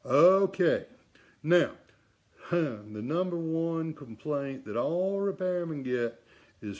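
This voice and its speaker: A man's voice: on the high side, animated, slow, darkish tone. A middle-aged man teaching saxophone repair in a casual demonstration, blunt and emphatic, with rhetorical asides.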